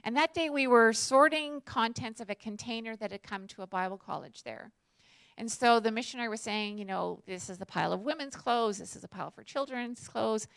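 A woman's voice: fairly high pitch, fairly quick, vocal fry, fairly bright tone, no room sound. A woman, a prison chaplain telling a faith story in a conversational way, full of fillers and asides.

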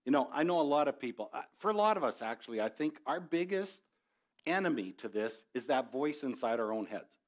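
A man's voice: mid-range voice, big pitch swings, brisk. Middle-aged male pastor, sermon delivery, conversational with passionate peaks. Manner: conversational, rising to passionate exhortation.

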